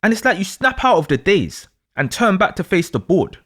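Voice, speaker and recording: A man telling a dramatic second-person story, in an animated way. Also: high voice, normal speed. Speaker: astrology storyteller.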